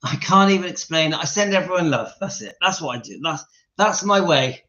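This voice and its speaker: Hosting an easygoing live stream inside his home, a man keeps bursting into giggles and breaks off to talk to his dog. His voice is on the high side, pushed and bright, with lively intonation and a slightly quick pace. The sound is dull and lo-fi.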